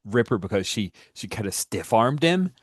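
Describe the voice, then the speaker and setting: Man, game master, low voice, lively pitch, dry close sound, halting fillers. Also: husky, dry recording. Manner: voices many characters, hesitant fillers. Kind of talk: narrating a tabletop game.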